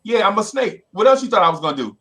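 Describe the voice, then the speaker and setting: A sly, streetwise male snake, put on by a man telling a fable. The voice sits a little high and drawls its slangy lines, whining one moment and smug the next. It sounds like a casual storyteller acting out an animal. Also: very animated, fast talker, a bit bright. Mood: boastful.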